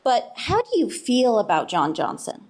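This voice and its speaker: Woman, slightly high pitch, relaxed, joking, conference talk. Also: moderate pace. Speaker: conference speaker. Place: conference hall.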